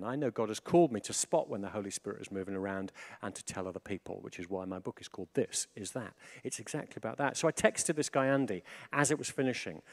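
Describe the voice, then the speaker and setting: A man giving an informal sermon, animated, swinging from hushed reflection to excited emphasis. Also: medium pitch. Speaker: preacher.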